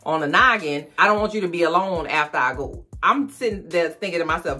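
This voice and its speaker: A woman recaps a TV episode in a loose, chatty way, full of sass and quick asides. Her voice sits on the lower side for a woman. Faint music plays softly underneath. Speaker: recap vlogger. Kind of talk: casual TV recap chat.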